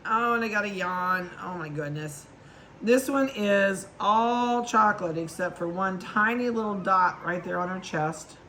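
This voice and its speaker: A woman's voice: mid-range voice, unhurried, bright, forceful tone, slight background noise. A woman dog breeder chatting casually and affectionately as she handles puppies at an indoor table and talks to them.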